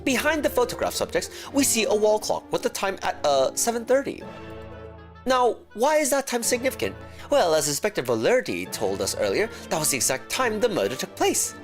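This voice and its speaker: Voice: mid-range voice, big pitch swings, a little fast, soft background music, pitched above the performer's own voice, close to an everyday voice. A streamer voicing a fussy, pompous prosecutor in an animal courtroom game. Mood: smug.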